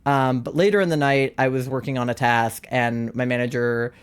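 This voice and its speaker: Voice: medium pitch, steady tone, moderate pace, clear, resonant tone. A young adult live streamer telling a story to chat in a casual way, using "like" a lot and laughing often. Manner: chatty, heavy use of "like", frequent laughter.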